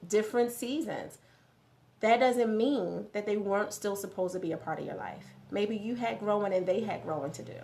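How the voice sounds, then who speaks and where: A woman's voice: mid-range voice, gravelly. Woman giving a motivational live-stream talk. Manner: conversational, repeats phrases for emphasis, answers viewer comments.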